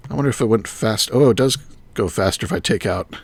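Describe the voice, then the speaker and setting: A man's voice: lowish voice, fast talker, breathy edge. A man streaming a game live, thinking aloud and muttering item names as he works. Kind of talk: live gameplay commentary.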